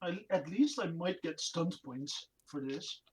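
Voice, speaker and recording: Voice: medium pitch, measured pace. A tabletop player chatting casually about rolls and bonuses, with a wry tone. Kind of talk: casual tabletop game chat.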